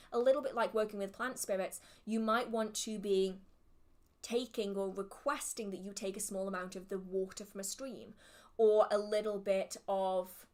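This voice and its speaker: A woman hosting a casual livestream Q&A, chatty and self-deprecating, with the hiccups. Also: medium pitch. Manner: chatty, self-deprecating, laughs at own slips. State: has the hiccups. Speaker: witchcraft livestream host.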